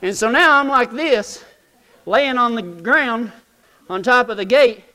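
High-voiced folksy man in a reverberant hall. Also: measured pace, bright, forceful tone. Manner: folksy, self-mocking, drawling rural speech. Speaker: speaker telling a story to a live audience. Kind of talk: humorous storytelling.

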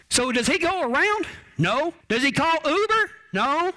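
A man's voice: very high voice, very animated, moderate pace, sharp tone. A man preaching a folksy, homespun sermon, often repeating words as he restarts his sentences. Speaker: cowboy preacher.

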